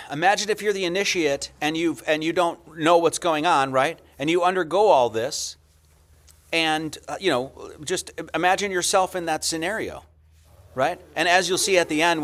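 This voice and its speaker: Playing a video, a man acts as host and adds casual, lecture-style commentary, posing rhetorical questions and then answering them himself. His voice is a little high and a bit bright, at a moderate pace.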